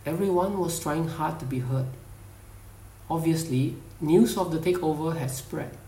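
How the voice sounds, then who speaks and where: A man reads a story aloud in a slow, measured way, his voice mellow and a little higher than most. He sounds set back from the mic in an echoey room. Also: recorded from a distance, slight background noise. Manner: measured, deliberate. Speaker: narrator. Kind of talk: storybook reading.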